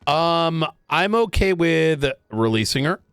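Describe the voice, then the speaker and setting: A man talking in character during a roleplay game, hesitant and full of pauses and ums. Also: fairly high pitch, expressive, a bit bright, clear, resonant tone, no room sound, clean studio sound, faint music behind. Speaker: roleplay player.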